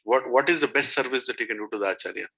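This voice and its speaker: A man's voice: medium pitch, racing, vocal fry, sharp tone, breathy edge. A man giving a devotional talk to a satsang group, telling stories and asking his listeners questions. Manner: storytelling, asks listeners questions. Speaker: spiritual teacher. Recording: dull lo-fi recording.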